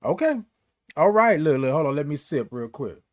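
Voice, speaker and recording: Man, morning stream host, casual chat, drawn-out sung greetings, fairly high voice. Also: sing-song, darkish tone.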